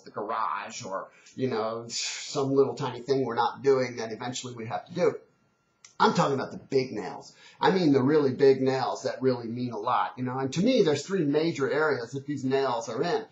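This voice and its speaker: Speaking at a fairly quick clip in a medium-pitched voice, this man gives a motivational talk that's earnest and chatty, with plenty of restarts. He tells a story and urges his audience to change. It's a dull, echoey old recording.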